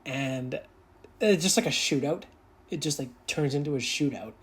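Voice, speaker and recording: A reviewer casually recapping a TV episode in a rambling, filler-heavy way, laughing along and acting out bits of the scenes. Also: mid-range voice. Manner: acts out characters' lines in quick put-on voices.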